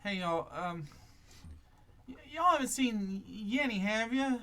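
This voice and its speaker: Man doing a country woman, late thirties, drawling, blunt, folksy, raised pitch, tabletop game. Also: expressive, takes it slowly, a bit bright, full character voice. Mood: worried. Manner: drawling, chatty, homespun.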